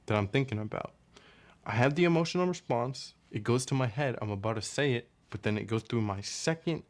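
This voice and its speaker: Young guy going off about breakups, swears a lot, talks to himself out loud, normal-pitched voice. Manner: blunt, profane, animated, acts out inner dialogue. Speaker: relationship advice talker. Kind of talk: casual monologue.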